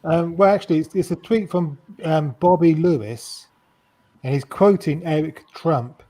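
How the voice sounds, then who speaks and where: A man in casual podcast chat, hesitant and halting. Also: a little high, dark tone, poor audio. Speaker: podcast co-host.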